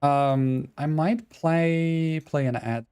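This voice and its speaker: A man's voice: on the high side, drawn-out words, dark tone, smooth. A man live-streaming a tactical shooter, chatting casually with viewers in a rambling, self-deprecating, joking way. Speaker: game streamer. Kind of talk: casual live-stream chat while gaming.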